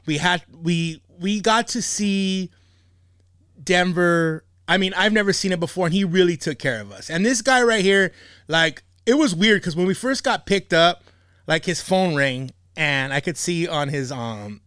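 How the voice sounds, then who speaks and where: A man's voice: high-pitched, unhurried, clear, resonant tone, no echo, clean studio sound. A man hosting a podcast, telling a story in a casual, profane way and laughing often. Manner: animated, swears a lot, laughs often. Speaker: podcast host.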